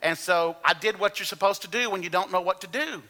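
A man in his fifties delivers a sermon with a brilliant, ringing tone. He sits somewhat high for a man, leaning hard on key words as he preaches. A long church reverb trails behind him. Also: brisk, sharp tone, slight background noise. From Alabama, US. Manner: earnest, emphatic preaching, stressing key words. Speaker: pastor. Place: church sanctuary.

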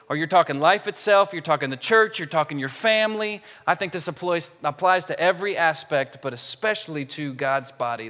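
A man preaching a sermon in a large church, lively and joking with the congregation. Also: fairly high pitch. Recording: church hall reverb.

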